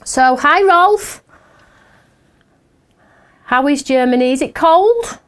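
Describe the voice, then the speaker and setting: A fairly high-voiced woman hosts a live craft shopping stream. She chats loosely with her viewers and often breaks into giggles at her own stories. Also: lively intonation, slow pace. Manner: chatty and giggly, laughs at herself often. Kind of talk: casual live chat with viewers.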